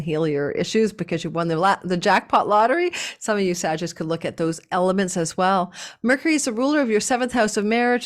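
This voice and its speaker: A woman giving a casual astrology forecast, talking with a lively up-and-down cadence and chatty asides. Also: fairly low pitch.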